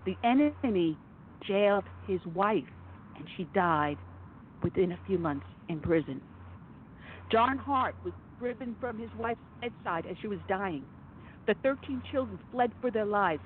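A woman's voice: mid-range voice, animated, unhurried. Woman radio host on a fired-up rant, sarcastic bits, tinny phone-line sound. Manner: impassioned, emphatic, sarcastic. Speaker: radio talk show host. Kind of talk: conservative talk radio monologue. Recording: phone-like narrow audio with faint noise.

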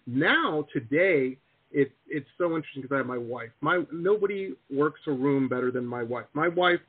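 A man hosting a casual interview over a video call, his voice husky and a touch high, with a lively, swinging pitch. He rambles along with restarts, and the sound is thin and phone-like. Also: normal speed. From Detroit. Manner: rambling, chatty, many restarts. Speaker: show host.

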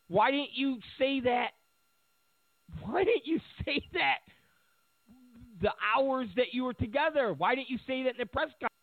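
A man's voice: very high voice, no echo. A man delivering a sarcastic, mocking political rant, acting out the voices he quotes. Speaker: political commentator. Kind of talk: ranting monologue. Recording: tinny phone-like line, dry.

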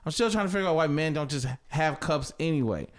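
A man's voice: a little high, fast talker. A man co-hosting a comedic sports podcast, telling stories animatedly and acting out what people said. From Atlanta area. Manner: animated storyteller, acts out quotes. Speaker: podcast co-host. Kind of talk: casual comedic sports chat.

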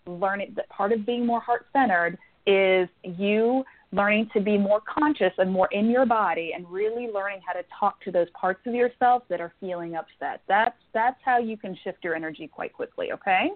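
A woman's voice: mid-range voice, normal speed, hardly any pauses. A woman giving a psychic reading to a caller, reassuring and affectionate, calling her honey and sweetheart. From northern United States. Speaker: psychic medium guest. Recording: tinny phone-line sound.

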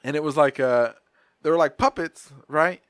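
A man's voice: on the high side, normal speed, a bit bright, no echo. Podcast host, male, loose profane storyteller, dry mic. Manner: rambling, profane, slangy storytelling. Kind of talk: casual chat.

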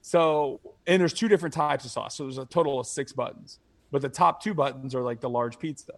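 A man's voice: mid-range voice, fairly quick, creaky. A young man co-hosting a podcast, telling stories in casual chat, swearing freely and laughing as he acts out other people's lines. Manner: profane, laughing, acts out quoted voices. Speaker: podcast co-host.

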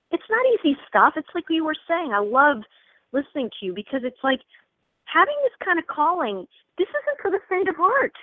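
A woman's voice: a little high, no echo. A woman in her fifties from New York, a psychic and spiritual teacher talking casually as an interview guest, telling stories and acting out the voices of people she quotes. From New York, USA. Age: 50s. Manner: expressive storyteller, acts out quoted voices, laughs easily. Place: home recording studio. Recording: dry, tinny phone-like line.

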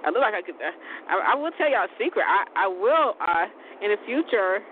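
She's a vlogger in her forties with a medium-pitched voice, very animated and slightly quick. Her casual talk rambles and repeats, with lots of laughing, and the sound is tinny like a phone with faint noise underneath.

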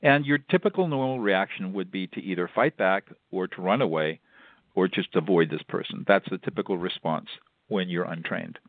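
On a radio interview, an older man, a law professor who also works as a mediator, walks listeners through things step by step. He speaks in a low pitch, measured and instructive, and repeats himself. The audio lacks room sound but has a tinny phone-line quality.

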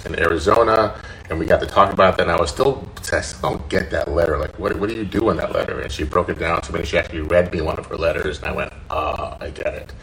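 Deep gravelly man telling a personal story. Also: a bit bright, a little hiss or hum, low-quality recording. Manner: earnest, halting, repeats words while recounting. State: choked up, tearful. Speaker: podcast host.

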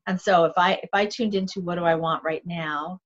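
A woman's voice: lowish voice, brisk. A middle-aged woman talking through a shamanic practice in a casual, earnest way, often restarting her sentences. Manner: earnest, animated, self-correcting speech. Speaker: shamanic guest. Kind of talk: casual conversation. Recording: dull lo-fi audio.

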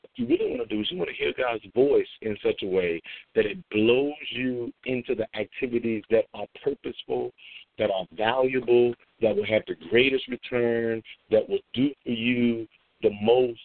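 Gravelly man giving a devotional talk. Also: mid-range voice, expressive, normal speed, no room sound. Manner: storytelling, chatty, with fillers and repeats. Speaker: devotional host. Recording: phone-like dry recording.

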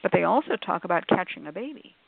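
A woman's voice: on the low side, animated, quick pace, creaky, crowd noise. A woman author on a call-in radio panel, explaining at length in a discursive, scholarly way with many asides. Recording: tinny phone-like line.

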